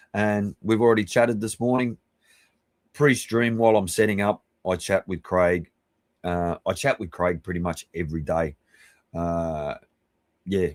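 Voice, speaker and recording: Slow-talking Australian man, low voice. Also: no room sound. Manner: rambling, chummy, self-deprecating, swears casually. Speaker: livestream host. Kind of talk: casual live-stream shout-outs.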